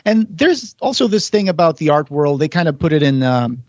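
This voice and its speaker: A man's voice: on the high side, very animated, fairly quick, a little mellow, no room sound, lo-fi sound. Man retelling a movie on a podcast. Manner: retells film scenes in detail, acts out quotes. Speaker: podcast host. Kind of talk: casual podcast chat.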